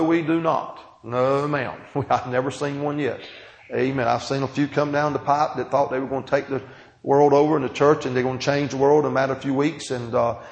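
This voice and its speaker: A man preaching a sermon, calling out "Amen?" to the congregation and swinging from quiet, slow teaching to loud, emphatic reading. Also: mid-range voice, creaky. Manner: call-and-response preaching, asking "Amen?". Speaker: pastor. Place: church sanctuary. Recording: echoey church hall.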